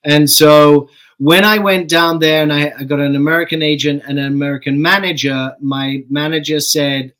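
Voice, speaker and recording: A middle-aged man from England, a guest actor, telling stories in a casual interview in a relaxed way and swearing offhandedly. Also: on the high side, moderate pace, hardly any pauses, low-quality recording.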